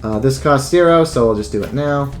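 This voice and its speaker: A man of middling pitch talks through a card game in a casual, profane let's play style, thinking aloud about each move. Faint music plays underneath. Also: brisk. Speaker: gameplay commentator.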